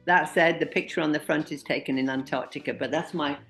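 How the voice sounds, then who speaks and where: A woman in her sixties speaks as an interview guest, recounting her adventures in a relaxed, animated way. Her voice sits very low and carries a gravelly rasp. She often laughs at her own mishaps as she tells them. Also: fairly quick, soft background music. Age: 60s. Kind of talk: casual interview storytelling.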